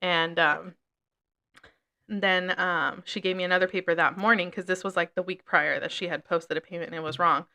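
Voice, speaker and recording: A young woman co-hosting a casual chat, telling a work story in a lively way and swearing often. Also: fairly low pitch, moderate pace. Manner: animated storytelling with frequent swearing. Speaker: podcast co-host.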